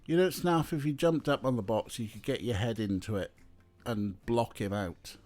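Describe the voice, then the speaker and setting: A man's voice: mid-range voice, moderate pace, darkish tone, soft background music. A young man streaming, chatting casually and talking to his cats as he plays. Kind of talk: casual live-stream chat.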